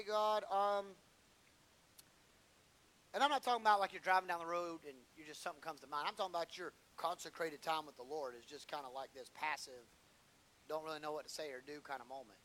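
A man's voice: on the high side, fairly even intonation, fairly quick, sharp tone, rough recording. A man preaching a sermon, acting out whiny prayers and bits of dialogue for humor.

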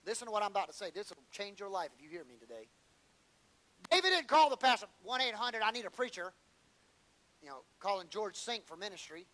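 A man delivering a lively sermon in a high voice. His tone is bright and forceful. He slips into playful impressions of whining churchgoers to make his points. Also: fast, low-quality recording. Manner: animated, acts out whiny prayers and dialogue for humor. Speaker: preacher.

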